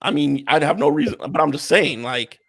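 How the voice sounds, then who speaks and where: A man co-hosting a podcast, retelling a story in animated casual chat with lots of fillers. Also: on the high side, brisk, creaky. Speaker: podcast co-host.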